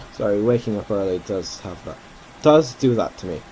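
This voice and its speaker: Lively man thinking aloud while gaming. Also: on the low side, muffled recording, slight background noise. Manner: thinks aloud, self-correcting and chatty. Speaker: flight simulator gamer. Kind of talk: casual gameplay commentary.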